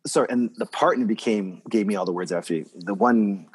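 A man talks quickly in a slightly husky voice, chatting about his design work as a guest. He tells his stories with energy and jumps up high in pitch when he acts out other people's lines. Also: lively intonation. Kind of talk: casual conversation.

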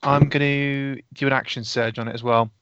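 A man playing a tabletop game, describing his attacks in a lively way with quick restarts. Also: mid-range voice, clear, resonant tone, dull audio. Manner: animated, laughing, quick restarts. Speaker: player.

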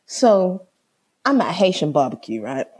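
Woman, casual comic storyteller, husky and mellow, exasperated and swears a lot. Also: lowish voice, moderate pace. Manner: animated, exasperated, swears freely.

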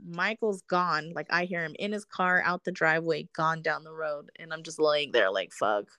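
A woman's voice: low voice, moderate pace, pushed and bright, no echo, studio quality. A woman in casual conversation, telling a personal story with frequent laughs and free swearing. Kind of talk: casual chat.

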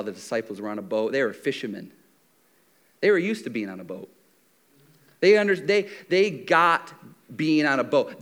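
A man with a high voice preaches a sermon as lively storytelling. He acts out what the characters say. His delivery jumps between loud shouting and soft, hushed near-whispers. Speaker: pastor.

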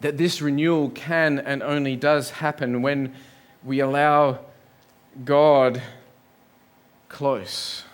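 A man's voice: mid-range voice, little pitch movement, takes it slowly. A male pastor delivering a sermon inside a church building. His mid-range voice stays earnest as he builds lists of contrasts and puts questions straight to the congregation.

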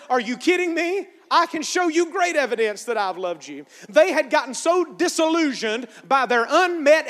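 A very high-voiced man preaches a sermon in a church sanctuary, his words ringing with a long hall reverb. He leads the congregation in call-and-response and builds up to shouted lines. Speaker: pastor.

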